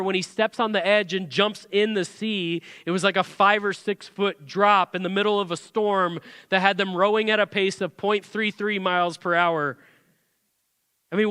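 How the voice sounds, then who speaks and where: A man's voice: high-pitched, bright, forceful tone, smooth, no room sound, studio quality, big-room sound. A man, a pastor preaching a sermon in a church sanctuary, talking conversationally with many rhetorical questions.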